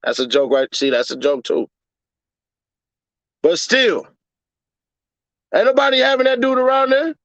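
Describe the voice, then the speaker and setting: Guy in his 30s ranting and joking on a stream, kinda high voice, dry dull mic. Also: a little slow, long pauses, a bit bright, no room sound. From Chicago, USA. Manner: profane joking rant, puts on mocking voices. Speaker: livestream host. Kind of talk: casual livestream commentary.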